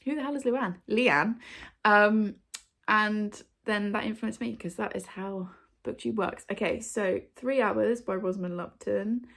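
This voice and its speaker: This booktube host has a creaky, medium-pitched voice. She talks casually to the camera at home with her shelves behind her, chatty and bubbly, dropping plenty of ums and likes.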